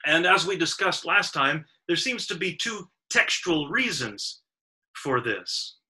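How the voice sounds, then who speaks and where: Heard on a rough recording, the Bible teacher speaks slowly in a slightly high, expressive voice that is bright and forceful. His Sabbath lecture proceeds methodically through the verses, with strings of verbs stressed one after another.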